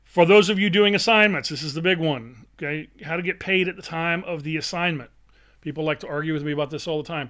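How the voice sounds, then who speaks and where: A man's voice: a little high, fast talker, fairly bright tone. A man teaching real estate wholesaling on a live webinar, emphatic and salesy, peppering his points with "okay?" and "all right?". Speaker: real estate investing coach.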